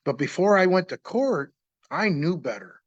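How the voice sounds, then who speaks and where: A man's voice: sits high, very animated, moderate pace, dry recording, lo-fi sound. A man in his sixties casually telling his own story, plain-spoken and rambling, acting out remembered conversations.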